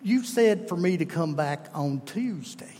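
A preacher putting on a slow Kentucky farmer. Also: male voice, on the high side, expressive, darkish tone, in a large hall. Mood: drawling. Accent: rural Kentucky drawl. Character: plain-spoken rural Kentucky farmer, older man, unassuming.

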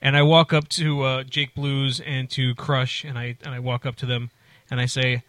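Bright-voiced man telling a rambling story. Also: medium pitch, normal speed, no room sound. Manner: rambling, animated, many restarts and acted-out quotes. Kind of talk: casual storytelling chat.

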